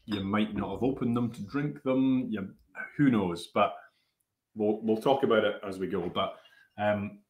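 A man's voice: lowish voice, unhurried, darkish tone. Man, tasting host, casual chat, laid-back, hesitant. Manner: laid-back, chatty, hesitant with many fillers. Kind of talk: casual live-stream chat.

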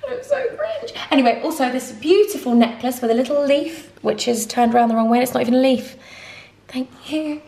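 Fairly quick and mellow, her high-pitched voice carries some vocal fry. She's a giggly British woman in her twenties who pokes fun at herself while vlogging a holiday outfit try-on, outdoors on holiday and later at an airport. The camera mic is distant, and the background is noisy.

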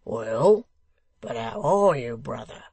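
Guy reading as a grovelling hangman, slow and husky, wheedles every line. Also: mid-range voice, expressive, no room sound, heavily acted. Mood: wheedling. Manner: ingratiating, conciliatory, louder and slower. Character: shabby fawning hangman, wheedling middle-aged man.

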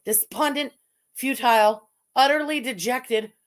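A woman's voice: sits high, unhurried. A woman from Canada hosting a livestream, talking in a sarcastic, profane way and laughing often. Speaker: streamer host. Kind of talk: casual livestream commentary.

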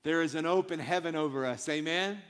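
A man's voice: a little high, fairly quick, a bit bright, smooth. Emphatic preaching man, big hall reverb. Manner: emphatic preaching in short repeated phrases. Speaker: pastor. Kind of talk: sermon. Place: church sanctuary.

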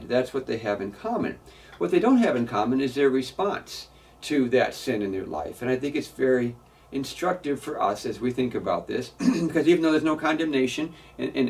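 A man's voice: mid-range voice, darkish tone, distant mic. Emphatic preaching pastor, a man. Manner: earnest, emphatic preaching with repeated words. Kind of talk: sermon. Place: church.

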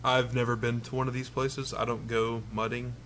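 A man co-hosting a podcast, chatting casually and starting sentences haltingly. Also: mid-range voice, level tone, a bit bright. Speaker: podcast co-host. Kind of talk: casual chat.

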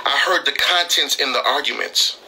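A man's voice: mid-range voice, normal speed, bright, forceful tone, a little hiss or hum, poor audio. Heated, emphatic man on a live stream. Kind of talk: impassioned live-stream talk.

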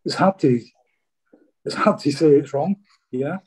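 A man's voice: a little high, unhurried, darkish tone, breathy edge. A Scottish former footballer, a man, chatting casually in an interview and telling rambling stories, often saying "mate". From Scotland.

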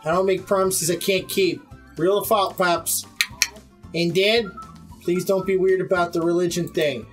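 A man voicing a deadpan teenage daughter in a flat, dry delivery while reading a game's dialogue aloud. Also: high voice, unhurried, music in the background.

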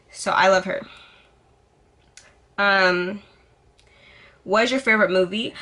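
Sassy, bright-voiced young woman vlogger. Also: medium pitch. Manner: sassy, dramatic, swears freely. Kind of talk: casual get-to-know-me vlog.

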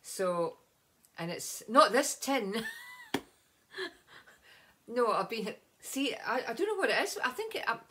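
A Scottish woman talks through her routine in a relaxed home vlog. She rambles cheerfully, full of ums and little asides. Her voice is picked up by a camera set nearby in her home. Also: fairly high pitch, takes it slowly, pauses often, slightly rough. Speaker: vlogger. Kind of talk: casual beauty vlog.

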